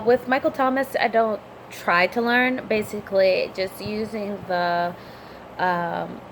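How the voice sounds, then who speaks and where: A woman's voice: medium pitch, slight background noise. A woman vlogging her language practice, chatting casually and repeating phrases aloud after a recorded lesson, often correcting herself. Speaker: vlogger learning Spanish.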